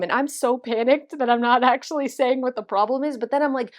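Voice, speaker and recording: A woman, a vlog host telling a story to camera in an animated, dramatic way and acting out the quotes. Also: fairly high pitch, quick pace, hardly any pauses.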